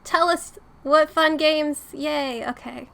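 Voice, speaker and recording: A woman co-hosting a casual podcast, with a bright, sharp tone that sits a bit high. She giggles and laughs often and sounds shy and self-conscious. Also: takes it slowly, vocal fry. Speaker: podcast co-host.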